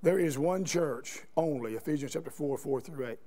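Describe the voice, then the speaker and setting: High-voiced preacher. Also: male voice, normal speed, mellow. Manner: storytelling, asks the congregation questions. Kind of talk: sermon. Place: church sanctuary.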